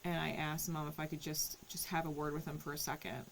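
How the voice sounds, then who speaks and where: Low-voiced woman giving a chatty reading. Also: little pitch movement, brisk, creaky, slight background noise, rough recording. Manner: storytelling, conversational, frequent "right?" and "like". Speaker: tarot reader. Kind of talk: casual spiritual reading.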